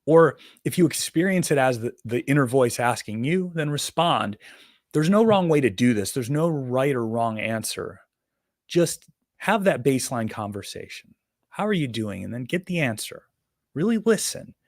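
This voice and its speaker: A man leading a guided meditation, talking slowly and calmly with soothing instructions and pauses. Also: medium pitch, no echo, studio quality.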